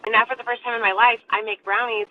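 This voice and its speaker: A woman's voice: on the high side, fairly even intonation, fast talker. A woman host sharing her own story openly and earnestly in a live online interview. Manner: earnest, open, speaks in repeated parallel phrases. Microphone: video call. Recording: tinny phone-like line with faint noise.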